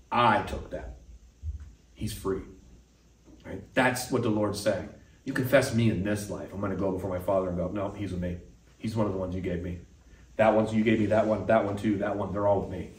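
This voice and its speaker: A man's voice: mid-range voice, a little mellow. A man preaching a casual sermon as pastor, talking conversationally and acting out the voices he quotes. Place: church sanctuary. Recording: echoey room, mic at a distance.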